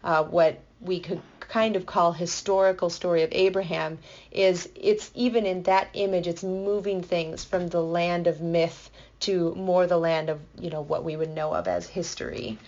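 A woman explaining a Bible passage in a playful, enthusiastic way, building excitement as she goes. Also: lowish voice, moderate pace, dull audio. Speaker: Bible teacher. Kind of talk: explanatory podcast talk.

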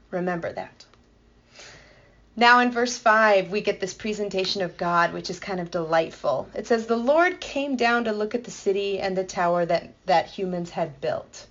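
A woman teaching scripture in a relaxed, conversational way, playful and full of enthusiasm. Her voice sits at a middle pitch for a woman. The sound is dull and lo-fi. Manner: playful and enthusiastic, with vivid asides. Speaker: Bible teacher.

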